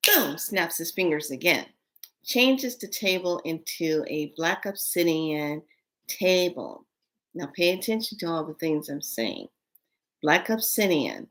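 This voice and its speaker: A woman telling a spiritual story in casual, animated speech with many fillers, acting out quoted voices. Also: lowish voice, a little slow.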